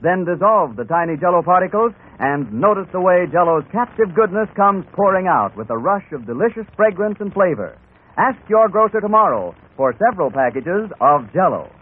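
A man reading a scripted radio advertisement as an enthusiastic, persuasive pitchman. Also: sing-song, normal speed. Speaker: commercial announcer. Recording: tinny old radio broadcast.

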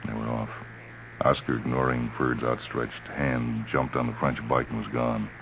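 A man narrating a story in a measured, dramatic reading on a tinny old radio recording. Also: extremely low pitch, little pitch movement, creaky, background noise.

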